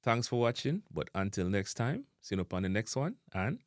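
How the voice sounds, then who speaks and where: A man with a Jamaican accent hosting a pronunciation lesson, slowly and deliberately demonstrating vowel sounds. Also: fairly low pitch, big pitch swings, no room sound, clean studio sound. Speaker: language teacher and channel host.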